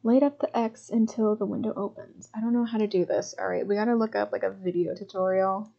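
A woman's voice: medium pitch, fairly even intonation, a little fast, gravelly, mellow, lo-fi sound. A woman streaming a puzzle game live, talking casually, often puzzled, swearing and laughing as she reads chat aloud. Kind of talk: casual live gameplay commentary.

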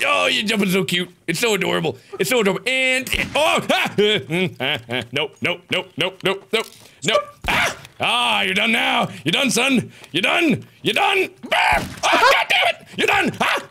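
A man streaming a multiplayer game with friends, loud and teasing, laughing and yelling often. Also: sits high, sing-song, unhurried, vocal fry, a little hiss or hum. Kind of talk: excited multiplayer gaming chatter.

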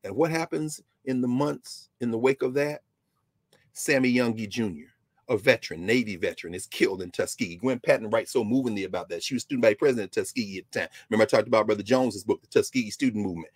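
A man's voice: fairly low pitch, fast talker, no room sound. A man giving a history lecture on a talk show, telling the story with emphasis and dropping into casual asides.

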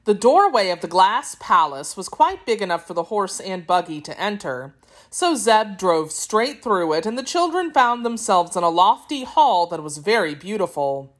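A woman reading a children's storybook aloud as an audiobook narrator, with expressive delivery. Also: medium pitch, moderate pace. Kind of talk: scripted narration.

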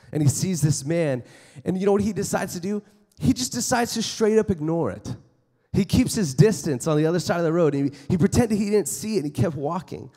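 A man giving a conversational chapel sermon to students, acting out everyday scenes with quick quoted voices. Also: on the high side, mellow. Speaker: chapel speaker. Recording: long hall reverb in a chapel.

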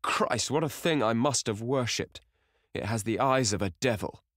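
A man's voice: moderate pace, fairly bright tone, no room sound, studio quality, close to an everyday voice. A man voicing an anguished middle-aged male painter who cries out in horror and pleads. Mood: horrified. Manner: shrill, horrified exclamations.

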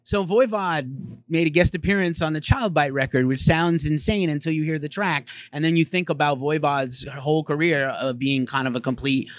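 A man's voice: fairly high pitch, normal speed, no echo. A man interviewing a musician, speaking as an effusive, enthusiastic fan. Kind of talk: casual interview.

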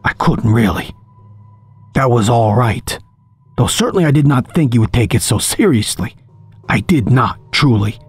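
A man's voice: mid-range voice, expressive, normal speed, husky. A man voicing a mad, genial middle-aged male doctor who drifts between cheer and menace, in an audiobook. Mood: rambling. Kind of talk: audiobook character voice. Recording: faint music underneath.

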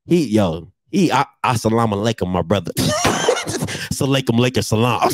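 A man's voice: on the low side, animated, a little fast, very noisy. A man vlogging casual comedic roasts of his commenters, teasing and laughing often.

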